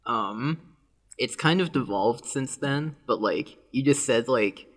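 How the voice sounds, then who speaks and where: A man's voice: medium pitch, animated, slow pace. A young man co-hosting a podcast in casual chat, rambling with lots of fillers and giggles. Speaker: podcast co-host.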